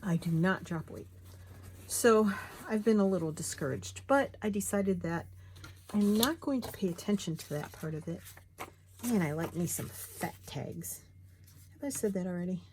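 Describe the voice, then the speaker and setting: A woman's voice: fairly low pitch, animated, moderate pace, a little mellow, a little hiss or hum. Chatty woman crafting and muttering. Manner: chatty, muttering to herself as she works. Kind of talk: casual chat while crafting.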